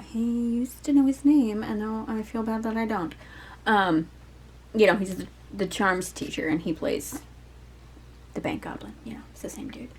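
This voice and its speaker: Woman, tarot reader, casual and digressive, lots of "um" and "like", mid-pitched voice. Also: moderate pace, pauses often, a little hiss or hum, poor audio. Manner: rambling, digressive, peppered with fillers and swearing. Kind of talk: casual chatty tarot reading.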